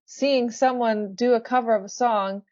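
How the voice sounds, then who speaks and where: A woman's voice: on the high side, steady tone, moderate pace, a little mellow, no room sound. A woman who sings in a band, a guest in a casual interview, talking earnestly and laughing easily. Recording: dull lo-fi dry sound.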